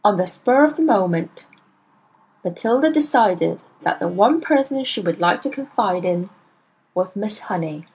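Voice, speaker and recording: A woman reading a children's storybook aloud in a measured, expressive way. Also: mid-range voice, slightly rough, low-quality recording. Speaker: narrator.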